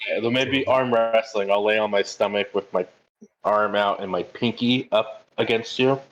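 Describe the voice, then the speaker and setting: Low, unhurried male player on a muffled line. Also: steady tone, fairly bright tone. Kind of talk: tabletop role-play.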